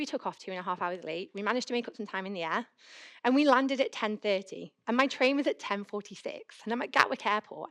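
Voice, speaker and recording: A woman's voice: on the high side, a bit bright. Chatty young woman giving a conference talk. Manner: chatty, storytelling, acts out her own inner voice. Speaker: conference speaker. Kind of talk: conference talk with personal anecdotes. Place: conference hall.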